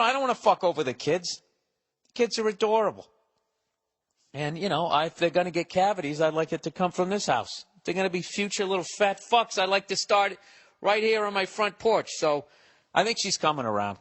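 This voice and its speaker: A man's voice: high-pitched, lively intonation, fairly quick, fairly bright tone, big-room sound. A middle-aged man hosting a podcast alone, ranting casually with heavy profanity and sarcastic mock outbursts. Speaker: comedian podcast host. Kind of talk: casual solo monologue.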